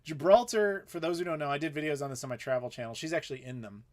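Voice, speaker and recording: A man's voice: mid-range voice, racing. Casual rambling man in his thirties. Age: 30s. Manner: casual, rambling, reading chat aloud. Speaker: YouTube host. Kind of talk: live Q&A chat.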